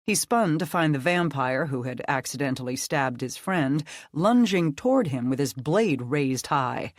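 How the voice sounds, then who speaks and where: An audiobook narrator reading a dark fantasy story in a steady, measured way. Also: mid-range voice, dry recording, clean studio sound.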